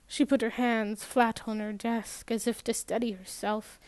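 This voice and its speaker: Slow, measured woman audiobook narrator. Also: a little high, little pitch movement, a little mellow, dry recording. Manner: measured, with small restarts and slips. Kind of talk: first-person novel reading.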